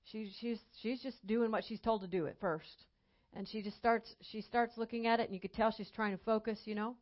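A woman evangelist preaching a sermon emphatically, slowing down and rising in volume on key phrases. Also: fairly high pitch, steady tone. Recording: dull lo-fi sound.

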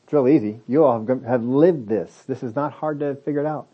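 A man preaching a sermon, animated and acting out the reactions he quotes. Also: medium pitch, a little fast, breathy edge, dull audio. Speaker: pastor.

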